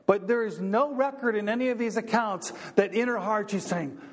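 A male pastor with a notably high voice preaches a sermon at a moderate pace, stacking repeated phrases and rising in pitch and force to drive each point home. A long reverb makes his words ring out as if in a large church hall.

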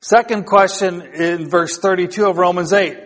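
High-voiced preacher, emphatic and repetitive. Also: male voice, moderate pace, a bit bright. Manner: preaching with rising emphatic repetition, asks the congregation questions. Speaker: pastor. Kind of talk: sermon. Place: church sanctuary. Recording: long hall reverb.

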